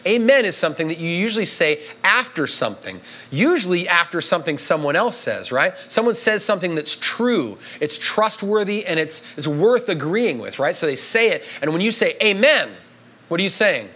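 Man, pastor, sermon, emphatic, conversational, slightly high voice. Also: big pitch swings, a little fast, bright, forceful tone. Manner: emphatic, conversational, often asks "right?".

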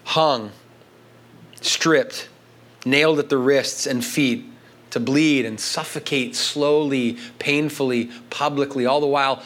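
A middle-aged man preaching a sermon, building to emphatic peaks and then dropping low and quiet. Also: fairly even intonation, takes it slowly. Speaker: pastor.

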